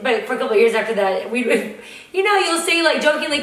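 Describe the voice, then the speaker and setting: A woman in her thirties telling a family story in casual chat, animated and laughing often. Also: high voice, fast talker. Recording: echoey room, mic at a distance.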